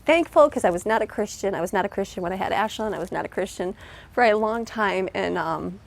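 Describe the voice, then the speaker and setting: Speaking fairly quickly with an expressive, gravelly medium-pitched voice, this middle-aged woman rambles through a casual vlog, restarting many times. She's a mother, earnest and emotional, full of heartfelt thanks, and there's a little hiss or hum in the audio.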